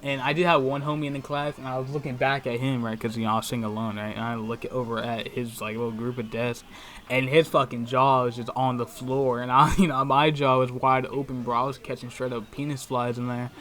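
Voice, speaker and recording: Man telling a school story in a bright voice, slangy and profane. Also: medium pitch, little pitch movement, brisk. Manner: profane, slangy, constant "right?" and "bro". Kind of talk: casual storytime vlog.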